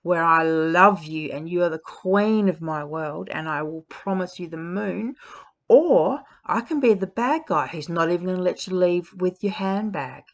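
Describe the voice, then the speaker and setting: A woman's voice: on the low side, unhurried. A woman voicing a manipulative male ex-partner, quoting his bitter, mocking retorts to a partner who is leaving. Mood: taunting. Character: manipulative male ex-partner, pleading then bullying.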